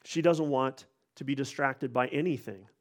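A man's voice: medium pitch, normal speed. Earnest man preaching a sermon. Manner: earnest, with frequent restarts and repeated words.

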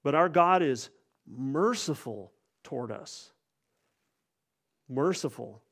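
A man's voice: mid-range voice, animated, slow pace, vocal fry, fairly bright tone. A man preaching a sermon in an earnest way, often restarting and repeating words as he goes.

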